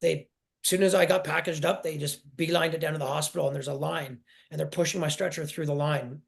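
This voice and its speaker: A man in his forties telling his personal story in an interview, halting and emotional, often restarting his sentences. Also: fairly high pitch, steady tone, vocal fry. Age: 40s. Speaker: guest.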